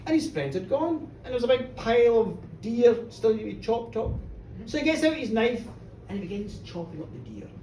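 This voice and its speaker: A woman telling a folk tale live, animated, chatty and playful. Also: fairly high pitch, brisk. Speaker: storyteller. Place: pub storytelling show, indoors. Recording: roomy bar, distant mic, faint noise.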